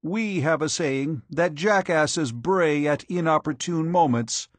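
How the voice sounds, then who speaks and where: A man's voice: fairly high pitch, slow, no echo, pitched above the performer's own voice. Man reading as a wry, mournful old sage. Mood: bland. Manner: bland, dryly ironic.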